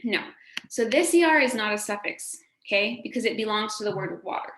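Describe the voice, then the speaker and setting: A woman's voice: medium pitch, expressive, a little fast, a bit bright. A woman teacher giving a recorded phonics lesson to a class, encouraging and sing-song, drawing out words for the children to repeat. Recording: echoey room, faint background noise.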